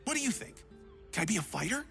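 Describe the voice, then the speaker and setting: A woman voicing an eager, chatty small male would-be adventurer in a video game, talking in an excitable, theatrical way. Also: mid-range voice, fast talker, vocal fry, soft background music.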